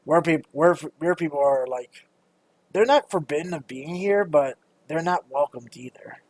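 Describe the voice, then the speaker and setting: A man's voice: fairly high pitch, animated, moderate pace, a little mellow, dry recording. A young man narrating as game master of a tabletop game, rambling loosely with frequent hesitations.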